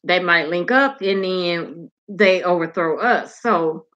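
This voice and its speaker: A woman, hosting a show and chatting casually, animated and swearing freely. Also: fairly low pitch, slow, muffled recording. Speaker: podcast host. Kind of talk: casual chat.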